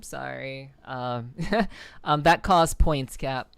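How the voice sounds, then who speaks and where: A woman's voice: extremely low pitch, extremely slow, creaky, smooth, no room sound. A young woman live streamer in casual chat with her viewers, rambling with frequent restarts.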